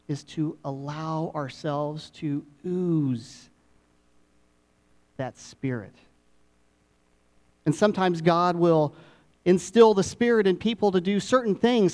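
Middle-aged pastor preaching with dramatic pauses. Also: male voice, sits high. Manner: dramatic pauses, swings between hushed and emphatic. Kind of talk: sermon.

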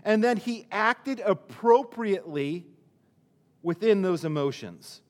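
A man's voice: sits high, animated, takes it slowly, long reverb tail. A male pastor preaching a sermon in a conversational way, often restarting his sentences and using fillers.

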